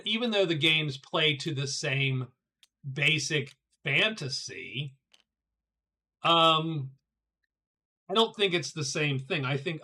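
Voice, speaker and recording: Middle-aged man, board game streamer, casual chat, stammering, bright forceful voice, slightly high. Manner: thinks aloud, stammers and repeats words.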